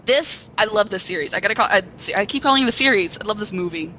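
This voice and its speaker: A young woman co-hosting a podcast, excitedly rambling through a plot retelling with acted quotes. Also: mid-range voice, quick pace, slight background noise, low-quality recording. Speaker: podcast co-host. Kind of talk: casual chat.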